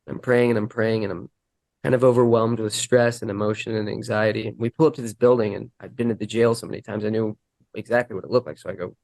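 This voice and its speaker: Earnest man telling a halting story. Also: lowish voice, fairly even intonation, gravelly, darkish tone, dry recording. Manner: earnest, halting, acts out quoted dialogue. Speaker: guest telling his recovery story. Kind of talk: candid personal storytelling.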